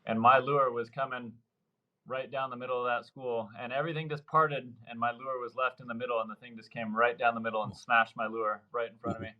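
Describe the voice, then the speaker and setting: A man in his thirties tells rambling fishing stories at a medium pitch, slipping into the voices of the people he quotes. He works as a surf fishing guide and speaks casually as an interview guest. The audio is slightly dull and lo-fi. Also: level tone, a little fast. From Mexico, Baja California Sur. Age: 30s.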